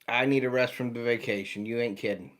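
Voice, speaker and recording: An American man in his fifties talks through a casual livestream, greeting viewers one by one in a loose, friendly way. He sounds tired and yawns between remarks. His voice sits at an ordinary middle pitch. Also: steady tone, brisk, fairly bright tone. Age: 50s. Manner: chatty, greets viewers by name. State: tired, yawning. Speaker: outdoor channel host.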